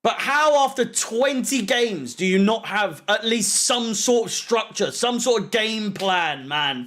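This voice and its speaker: A man's voice: sits high, expressive, takes it slowly, fairly bright tone. A young man doing live football watch-along commentary, ranting in frustration, swearing and sarcastic. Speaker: fan channel co-host.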